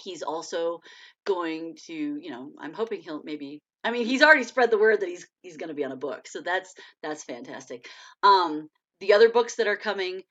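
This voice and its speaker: A woman's voice: on the low side, animated, moderate pace. A woman author hosting a casual live stream, chatting and laughing often as she reads viewer comments aloud. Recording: dull lo-fi stream audio.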